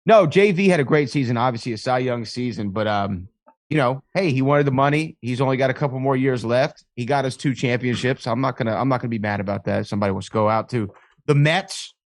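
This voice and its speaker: A man on a call-in podcast, trading playful jabs in easy conversation. His voice is mid-pitched and sounds dry and close, with no room around it. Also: fast, dry recording. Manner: teasing, playful sports banter. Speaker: podcast guest, author and wrestling announcer. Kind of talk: casual interview chat.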